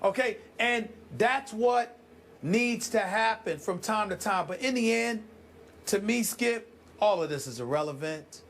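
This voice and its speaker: A man's voice: high voice, measured pace, a bit bright, a little hiss or hum. A man co-hosting a sports debate show who talks in an emphatic, dramatic way and repeats lines for effect.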